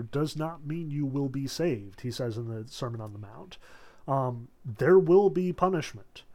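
A man giving a casual spoken talk on the Bible as a Protestant, chatty and full of "like", acting out scripture in quick asides. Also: fairly high pitch. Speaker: Protestant speaker on theology.

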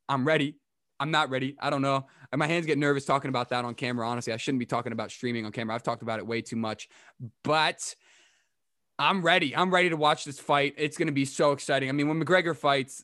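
A young adult man hosting a casual sports update to camera, rambling and chatty with quick asides. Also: mid-range voice, fairly even intonation, fairly bright tone, no room sound, studio quality. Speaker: podcast host giving a sports update.

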